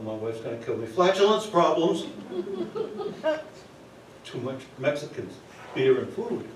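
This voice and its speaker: Man, storyteller, live on stage, chatty asides to the crowd, slightly high voice, very echoey theater, faint hiss. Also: a little mellow, distant mic. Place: theater stage before an audience.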